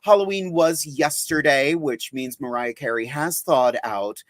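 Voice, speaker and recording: A man hosts a live podcast in chatty, upbeat talk and keeps poking fun at himself. His voice sits fairly high for a man. The sound is close and dry. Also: a little slow, no echo. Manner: chatty, upbeat and self-mocking. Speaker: podcast host and drag artist. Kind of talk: casual livestream chat.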